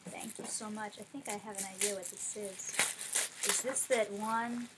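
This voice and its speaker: A woman unboxing gifts in a casual vlog, gushing over each one and dropping to a softer tone when she explains. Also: medium pitch, steady tone, moderate pace, heavy background noise. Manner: gushing, effusive. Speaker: vlogger.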